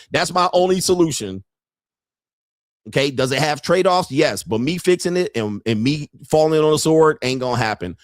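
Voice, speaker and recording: A man's voice: a little high, lively intonation, normal speed, no room sound, clean studio sound. A man hosting a podcast, ranting in a heated, profane, preachy way and repeating lines for emphasis. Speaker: podcast host. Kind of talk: ranting monologue.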